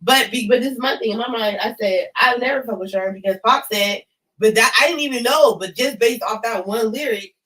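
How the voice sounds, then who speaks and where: Young man from California, Californian accent, casual storyteller, animated and profane. Bright tone, sits back from the mic. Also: extremely high pitch, fairly quick, distant mic, poor audio. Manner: animated, swears a lot, shouts when riled.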